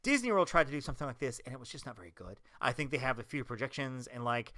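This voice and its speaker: A man chatting fast with a bright, forceful voice, his pitch bouncing all over. He is an excited storyteller who acts out the quotes he tells. The sound is close and dry. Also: no echo. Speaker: podcast co-host. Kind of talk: casual chat.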